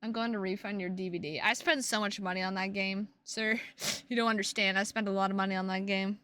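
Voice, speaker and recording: Bright, playful woman streamer. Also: medium pitch, fairly even intonation, a little fast, smooth. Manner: playful, swearing, teasing. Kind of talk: casual stream chat with viewers.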